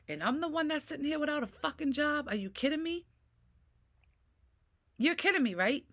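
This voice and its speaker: Speaking at normal speed but pausing often, a middle-aged mental health vlogger rants in a personal monologue, cursing and asking "right?" over and over. Her voice is high-pitched and sharp with lively intonation.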